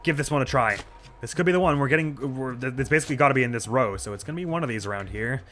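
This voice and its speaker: A man's voice: mid-range voice, very fast, fairly bright tone, faint music behind. A man casually commentating his gameplay stream, chatty and self-deprecating.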